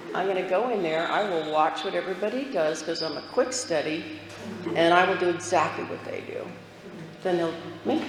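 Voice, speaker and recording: A woman telling her recovery story with candid, self-mocking humor, laughing at herself now and then. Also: on the low side. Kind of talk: personal recovery talk. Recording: echoey hall, faint room noise.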